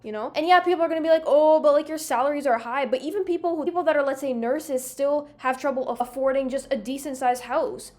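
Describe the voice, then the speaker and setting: A young woman from Canada talking casually as she reacts to memes on her channel, chatty and animated, laughing often and drifting into small rants. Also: sits high, fast talker, few pauses. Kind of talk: casual chat.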